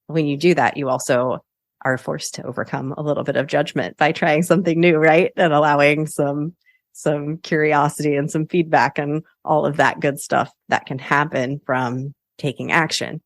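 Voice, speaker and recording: A woman's voice: sits low, steady tone, normal speed, no echo, clean studio sound. A woman hosting a solo coaching podcast, chatty and upbeat, laughing often as she talks.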